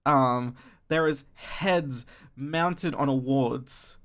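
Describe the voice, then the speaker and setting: A man's voice: mid-range voice, extremely slow, fairly bright tone. A man narrating as game master, describing scenes loosely with many fillers.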